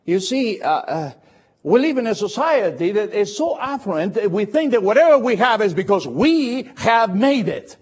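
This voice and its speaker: A man preaching a sermon in English, slow and emphatic, repeating phrases for effect. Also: high voice, sing-song, darkish tone, husky, dull audio. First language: Spanish.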